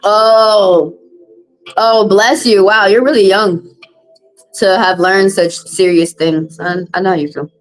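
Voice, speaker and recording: A woman's voice: fairly even intonation, slow pace, soft background music, poor audio. A woman, a tarot reader hosting a live stream, venting bluntly and with plenty of swearing to her viewers. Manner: blunt and profane, vents with rising pitch.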